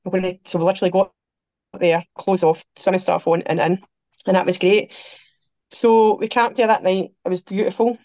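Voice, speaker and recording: A Scottish woman, a podcast guest, telling travel stories in lively conversation, acting out what people said and laughing along. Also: lowish voice, moderate pace, dry recording, muffled recording. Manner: animated, quotes people, laughs through her stories. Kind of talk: anecdotal storytelling chat.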